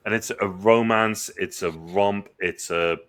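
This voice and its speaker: A man's voice: lowish voice, a little slow, a bit bright, clear, resonant tone. A man co-hosting a casual movie review podcast, enthusiastic and rambling, swearing and restarting his sentences. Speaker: podcast co-host. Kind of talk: casual chat.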